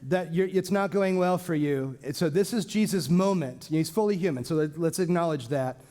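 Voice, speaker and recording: Higher-pitched man teaching a Bible class. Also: normal speed. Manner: lively, joking, acts out quoted speech. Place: church classroom with a small group.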